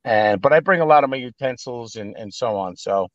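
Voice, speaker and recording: With a New York accent and a mid-range voice, this guest, an actor and private chef, talks a little fast, telling blunt, profanity-laced stories in an animated, casual manner. The audio is dull but free of echo.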